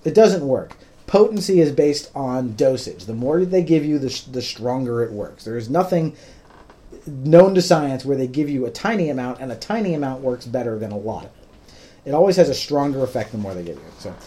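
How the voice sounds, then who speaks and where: An American man hosts a podcast in a casual, explanatory style, patiently breaking things down in plain words with frequent ums. His mid-range voice is expressive and dark-toned, and he talks fairly quickly.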